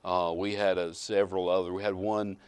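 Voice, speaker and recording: A man, a former legislator and ordained minister, talking haltingly in a casual interview. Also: low voice, level tone, smooth, dry recording. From Alabama. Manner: halting, with frequent uh fillers.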